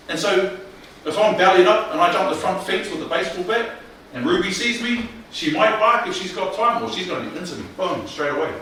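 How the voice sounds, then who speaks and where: A man leading a mental health workshop, speaking in a colloquial, animated way and often questioning the audience. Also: high-pitched. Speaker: workshop presenter. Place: room with live audience. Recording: echoey room, distant mic, faint noise.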